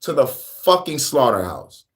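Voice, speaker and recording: A young man with a New York accent, co-hosting a casual, profane podcast chat, animated and laughing often. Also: mid-range voice, unhurried. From New York, Bronx. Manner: animated, laughing, swearing, breaks into rap voices. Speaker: podcast co-host.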